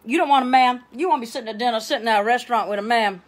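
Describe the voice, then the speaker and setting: A woman's voice: on the high side, rapid-fire, lightly acted. A woman playing a brassy middle-aged Southern advice-show host with a Louisiana accent, chatty and bossy, wandering off on tangents. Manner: chatty, bossy, tangents, keeps asking okay. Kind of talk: improv comedy livestream.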